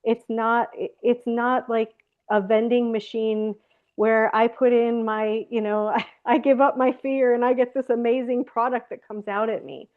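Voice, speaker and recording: A woman's voice: on the high side, steady tone, unhurried. A woman host giving a reflective, emphatic teaching talk. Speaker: host of a faith program. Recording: tinny phone-like call audio.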